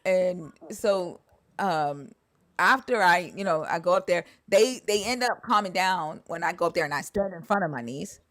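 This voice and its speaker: A woman telling a church story in a casual chat, her voice sitting a little low. She talks bluntly, swears freely, and acts out the people she quotes. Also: lively intonation, normal speed, a bit bright. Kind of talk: casual conversation about church experiences.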